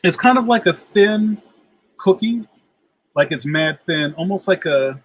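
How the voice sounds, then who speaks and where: A man's voice: high voice, lively intonation, a little slow, low-quality recording. A middle-aged man hosting a casual livestream, reading out chat comments, laughing easily, and saying "yo" a lot. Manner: laughs often, says "yo".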